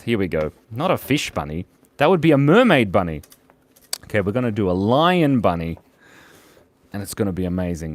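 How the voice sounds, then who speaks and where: This is a man with a mid-range voice and no echo, hosting a relaxed live drawing stream. He draws while bantering and joking with his viewers.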